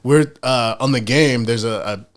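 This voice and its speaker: A man co-hosting a podcast, telling stories in a loose, animated way full of slang and fillers. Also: mid-range voice, unhurried. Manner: animated storyteller, heavy slang and fillers, chants in put-on voices. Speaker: podcast co-host. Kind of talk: casual chat.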